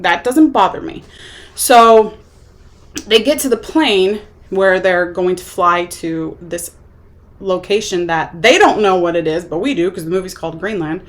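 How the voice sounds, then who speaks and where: Young woman just chatting on a vlog, rambly, says like a lot, normal pitch. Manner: chatty, rambling, lots of "like" fillers. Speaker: vlogger reviewing a movie. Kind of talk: casual chat.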